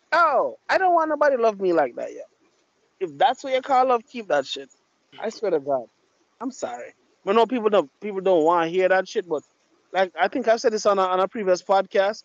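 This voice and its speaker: A man's voice: high voice, very animated, fairly quick, no room sound. A man hosting a podcast, telling blunt, profane stories in casual chat. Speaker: podcast host. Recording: dull lo-fi mic.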